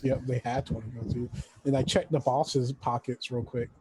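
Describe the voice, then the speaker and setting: A man's voice: medium pitch, flat delivery, normal speed, darkish tone, breathy edge, dry recording. A man player at a tabletop game, casually declaring his character's actions.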